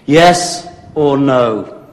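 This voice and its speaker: A man's voice: mid-range voice, expressive, drawn-out words. An actor playing a stern male church interrogator at a trial, pressing for an answer, heard from a film clip played in a reverberant hall. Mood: demanding.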